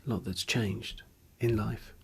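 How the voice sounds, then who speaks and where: A man's voice: on the low side, steady tone, measured pace, gravelly, a bit bright, a little hiss or hum. A man, a musician, speaking in a candid interview, hesitant and searching for words, openly earnest and emotional.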